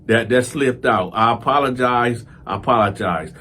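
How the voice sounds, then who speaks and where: A man casually telling a story to his viewers, emphatic and animated, repeating his points to drive them home. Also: medium pitch, normal speed. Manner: animated, talks straight to viewers; repetitive, emphatic. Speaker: host and storyteller.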